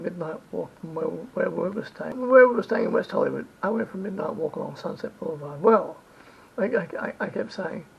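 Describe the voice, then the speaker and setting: High, gravelly man rambling travel tips. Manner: rambling, repeats himself, self-corrects. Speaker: travel vlogger. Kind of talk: rambling travel advice monologue. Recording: dull lo-fi recording with faint rumble.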